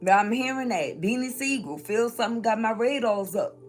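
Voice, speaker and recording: A woman's voice: fairly high pitch, normal speed, faint music behind. A woman from New Orleans, chatting casually through a tarot reading and laughing often. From New Orleans, Louisiana. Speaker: spiritual reader. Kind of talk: tarot reading live stream.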